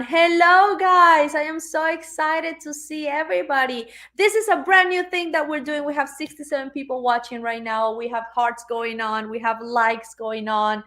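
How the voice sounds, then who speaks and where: A woman hosting a live online call, gushing with excitement as she greets viewers and reads out their comments. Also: mid-range voice. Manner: gushing, repeatedly says she is super excited. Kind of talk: upbeat live-stream hosting.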